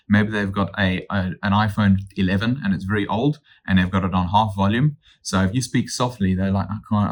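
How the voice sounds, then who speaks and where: A man, a real estate agent teaching cold calling in an upbeat, energetic way that acts out phone calls. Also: lowish voice. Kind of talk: instructional talk.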